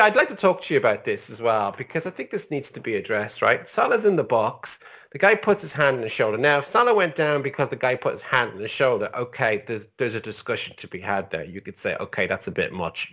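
Brief: man, casual football podcast, swearing ranter, lively pitch swings. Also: brisk. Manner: animated, swearing, ranting. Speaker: podcast co-host.

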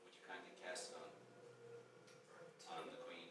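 A man playing a tabletop game, polite and hesitant, with halting speech. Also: low voice, completely flat delivery, bright, forceful tone. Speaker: player. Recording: echoey room, distant mic, noise.

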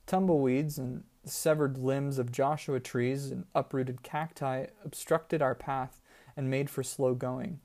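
Slow, mellow male storyteller. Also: medium pitch, steady tone. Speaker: audiobook narrator. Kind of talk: scripted story narration.

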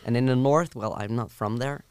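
A man's voice: mid-range voice, brisk, slight background noise. A young man from the southern Netherlands with a southern Dutch accent, explaining things at length in casual chat with frequent ums and restarts. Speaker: student.

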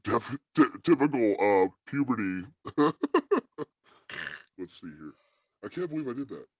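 A man talking through a voice changer set to a deep voice, baffled and joking about his own tech trouble. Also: sing-song, measured pace, husky, no echo, lo-fi sound. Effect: voice changer set to a deep male voice. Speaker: podcast host.

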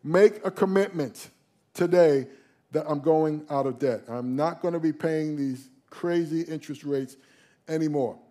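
A male pastor preaching a sermon, emphatic, slowing down and leaning on key phrases. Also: on the high side, warm tone.

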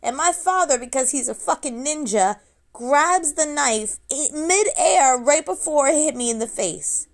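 A woman's voice: sits high, expressive, a little slow. Blunt, profane woman telling her story. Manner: raw, blunt and profane, with frequent restarts and self-corrections. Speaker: adult daughter sharing her story. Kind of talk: personal storytelling monologue.

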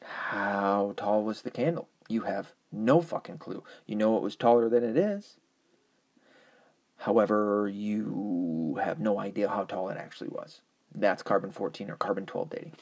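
Male host, deep-ish and breathy, swears freely, argues and drifts off topic. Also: normal speed, darkish tone. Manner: profane, rambling, argumentative. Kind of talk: casual ranting monologue.

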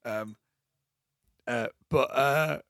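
A man's voice: medium pitch, extremely slow, a bit bright, no echo, studio quality. A young man, co-hosting a podcast and chatting animatedly with lots of fillers. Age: young adult. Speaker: podcast co-host. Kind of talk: casual chat.

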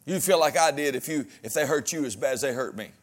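Here a man gives a sermon as pastor in a mid-range voice, talking fast. Folksy jokes and repeated amens run through it as he swings from loud exhortation to quiet asides.

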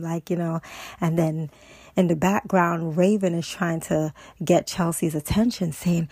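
A woman's voice: fairly low pitch, steady tone, a little slow, a little mellow, slightly rough, dry recording. A woman podcast host casually retelling a TV episode, rambling with lots of "and so" and "you know".

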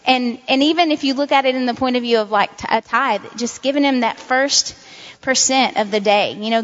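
A woman giving informal devotional teaching as a Christian speaker, talking in an earnest, repetitive, conversational way. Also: fairly high pitch. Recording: dull sound in a reverberant hall.

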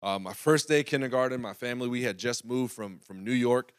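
A man's voice: mid-range voice, fairly quick, smooth. Conversational preacher man telling a story. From North Carolina. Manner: conversational preaching, often asks "right?" to the congregation. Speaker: pastor. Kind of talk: sermon storytelling.

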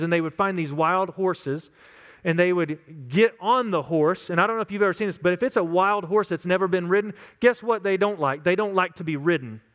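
A man's voice: high-pitched, a bit bright. A man in his thirties from West Texas with a Texan accent, preaching a conversational, story-driven sermon. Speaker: pastor.

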